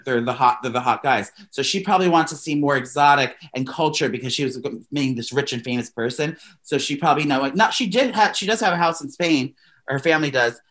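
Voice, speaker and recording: A podcast co-host gossiping casually, animated and profane, with sudden jumps up in pitch. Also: fast talker, no echo, studio quality.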